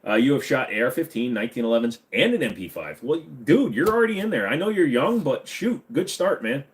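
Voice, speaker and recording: 40-something guy joking through a livestream q&a, bouncy pitch, teasing viewers. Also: big pitch swings, fairly quick. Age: 40s. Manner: joking, teasing, reading out comments. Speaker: live-stream host. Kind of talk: casual live-stream Q&A. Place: at his computer desk.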